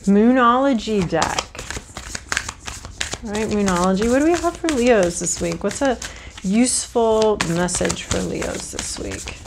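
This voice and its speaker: Chatty woman with a gravelly edge. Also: mid-range voice, expressive, unhurried, background noise. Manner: chatty, frank, swears casually, thinks aloud while drawing cards. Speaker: tarot reader. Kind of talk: casual card reading to camera.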